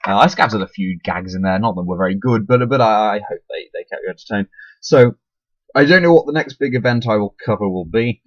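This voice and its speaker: Young guy rambling into a dull webcam mic, low voice, hiccuping. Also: fairly quick, no echo. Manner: rambling, self-deprecating, many restarts. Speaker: YouTuber. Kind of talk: casual webcam monologue. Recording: dull lo-fi webcam audio, dry.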